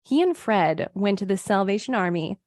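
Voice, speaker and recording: A woman's voice: mid-range voice, lively intonation, normal speed, darkish tone, dry recording, clean studio sound. A woman co-hosting a true crime podcast, narrating case details from a script and quoting her sources. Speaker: podcast co-host.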